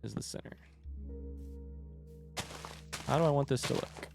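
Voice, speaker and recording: A man with a gravelly, creaky voice talks his way through a building session, muttering counts and plans to himself. He slips into deadpan sarcasm when he answers his viewers. Soft game music plays behind him. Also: medium pitch, rapid-fire. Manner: thinks aloud while building, counting and muttering; dry sarcastic joking with chat. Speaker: streamer. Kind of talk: casual gameplay commentary.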